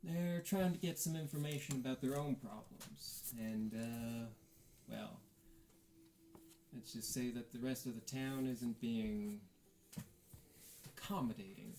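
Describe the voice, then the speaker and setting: A man voicing a calm male town priest in a tabletop game, speaking with many hesitant pauses. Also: mid-range voice, a little hiss or hum, lightly acted. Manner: hesitant, filler-heavy delivery.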